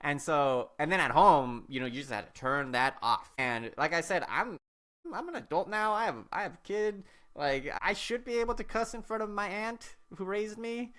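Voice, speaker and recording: A man's voice: high-pitched, normal speed, a bit bright. A man in his forties, a podcast host, telling stories in casual chat in a rambling way with many fillers. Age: 40s.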